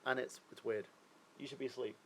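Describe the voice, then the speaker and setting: A man's voice: medium pitch, fairly even intonation, brisk, a bit bright, a little hiss or hum, low-quality recording. A man hosting a live stream, chatting casually and rambling through his opinions while asking viewers questions; he sounds a little unwell.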